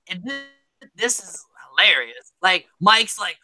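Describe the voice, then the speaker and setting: Lively bright-voiced woman host. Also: mid-range voice, a little slow, soft background music, low-quality recording. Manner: animated, acts out quotes, swears casually. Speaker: podcast host. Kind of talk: casual reality-show recap chat.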